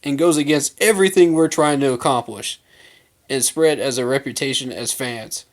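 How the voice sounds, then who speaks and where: This man speaks at a moderate pace in a mid-range voice. Hosting a fan channel, he delivers a casual, heated rant straight to camera, emphatic and full of slang for his viewers.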